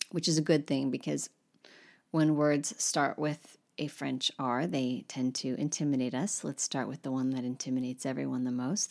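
A woman teaching French in a relaxed, encouraging way, sometimes dropping almost to a whisper. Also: sits low, gravelly. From United States. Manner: friendly, encouraging, drifts into soft near-whispers. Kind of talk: relaxed spoken lesson.

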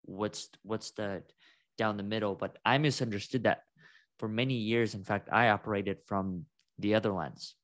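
A man's voice: lowish voice, moderate pace, fairly bright tone, no echo. A man co-hosting a podcast, talking through his experience in a reflective, thinking-aloud way with frequent restarts. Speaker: podcast co-host. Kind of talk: conversational podcast chat.

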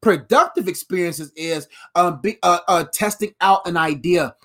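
A man in his thirties delivers a motivational talk in a fairly high voice. He drives each point home through repetition with a preacher-like cadence. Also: moderate pace, pushed and bright. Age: 30s. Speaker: motivational speaker.

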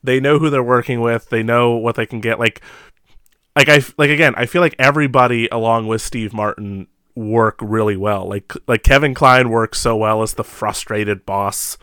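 Bright-voiced man rambling on a podcast. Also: medium pitch, fairly even intonation, moderate pace, clean tone, no echo. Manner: rambling, filler-heavy, frequent laughs. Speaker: podcast co-host. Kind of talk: casual chat.

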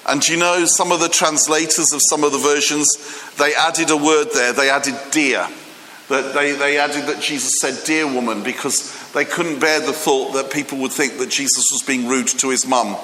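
A man's voice: fairly high pitch, fairly even intonation, moderate pace, bright, forceful tone, a little hiss or hum. A man preaching a humorous, chatty sermon, joking with the congregation and using many fillers. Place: church hall. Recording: echoey hall with long reverb.

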